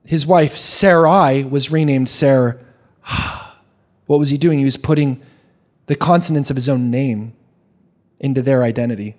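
A young man preaching a sermon, animated, with quick restarts and questions put to the congregation. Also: medium pitch. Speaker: pastor.

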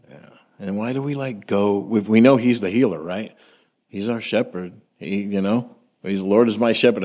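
A man preaching a sermon in a relaxed, conversational way, reading scripture and asking the congregation questions. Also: medium pitch. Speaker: pastor.

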